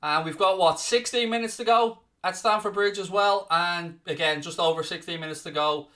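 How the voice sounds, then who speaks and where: Bright-voiced, teasing Irish man. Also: high-pitched, moderate pace. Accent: Irish, from Dublin area. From Ireland. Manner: teasing, mock-scolding replies to viewer comments; rattles off scores like a presenter. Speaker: watchalong host. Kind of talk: live-stream football watchalong chat.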